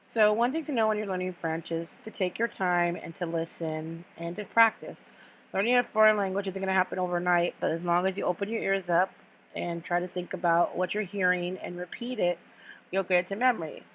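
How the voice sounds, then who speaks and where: A woman teacher giving a recorded lesson for children, speaking slowly and patiently and repeating words for students to follow. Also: fairly low pitch, fairly bright tone.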